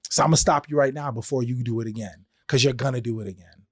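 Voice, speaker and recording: A man's voice: medium pitch, steady tone, fast talker, husky, no room sound, studio quality. A man hosting a podcast, talking through his thoughts in a conversational way and acting out little exchanges as he tells them. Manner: conversational, acts out quoted exchanges in changing voices. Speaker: podcast host. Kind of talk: solo podcast monologue.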